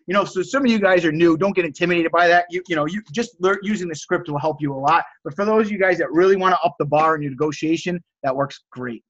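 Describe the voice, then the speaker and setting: A man with a high-pitched voice hosts a casual live stream, answering viewers' questions with upbeat, salesman-like enthusiasm. The sound is dull and lo-fi. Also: fast talker, few pauses, fairly bright tone. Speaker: host of a live stream teaching resale negotiation. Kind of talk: casual live-stream coaching, reading chat messages.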